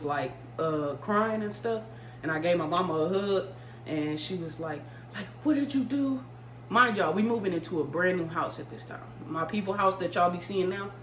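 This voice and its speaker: A young woman vlogger telling a story casually, animated and profane, throwing in vocal sound effects. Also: on the low side. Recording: roomy room with faint hum.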